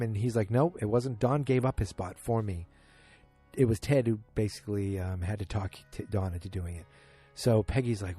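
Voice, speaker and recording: A man with a low, mellow voice talks through a show recap, rambling and correcting himself as he goes. He loosely acts out the characters' lines in his own voice. Faint music plays behind him. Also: moderate pace, husky. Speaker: podcast host. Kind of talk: casual solo episode recap.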